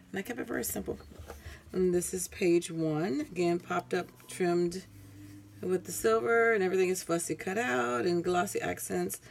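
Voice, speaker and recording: A woman with a low, gravelly voice rambles through a casual craft show-and-tell, often stopping to correct herself. She sounds tired, and a faint hiss sits under the home recording. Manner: rambling, self-correcting, many ums. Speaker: craft vlogger.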